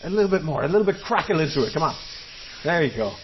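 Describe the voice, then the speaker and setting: A man with a slightly high, sing-song voice tells a folktale quickly before a live audience, dramatic and playful as he draws the crowd in. The highs are cut off and there's a little background noise.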